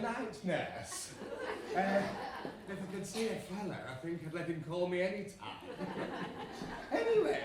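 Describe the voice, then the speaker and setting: A man's voice: sits high, heavily acted. A man playing a bawdy pantomime dame, a widowed nanny, cheeky and laughing on stage. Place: theatre stage. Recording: echoey theatre from far off, noisy.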